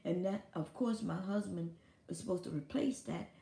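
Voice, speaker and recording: Gravelly, blunt-talking woman live-streamer. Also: fairly low pitch, normal speed, warm tone, echoey room. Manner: blunt and profane. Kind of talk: casual live-stream monologue.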